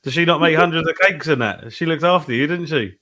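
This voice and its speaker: A man's voice: fairly high pitch, quick pace, pushed and bright. A man chatting casually on a live panel show, teasing and easygoing. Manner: laid-back, teasing, says "man" often. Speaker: panel member.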